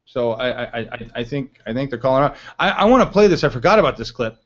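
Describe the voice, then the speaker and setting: A man's voice: mid-range voice, expressive, quick pace, muffled recording. A man giving blunt, profane political commentary on a live stream.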